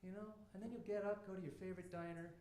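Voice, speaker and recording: A man's voice: high voice, fairly even intonation, rapid-fire, dark tone, reverberant, a little hiss or hum. A man doing a stand-up comedy routine on a club stage, with a profane, conversational rant.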